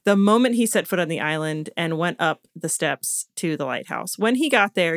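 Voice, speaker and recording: Her voice fairly low, this podcast co-host casually recounts a story, laughing frequently and stumbling over names. A podcast studio mic captures her with studio quality and no room sound.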